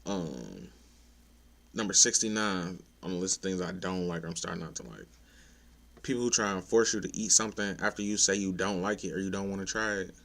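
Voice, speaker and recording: Brisk and low, with vocal fry and a slightly bright edge, this young adult man delivers a casual opinion rant to his viewers. He stays laid-back yet blunt and profane, getting exasperated at times.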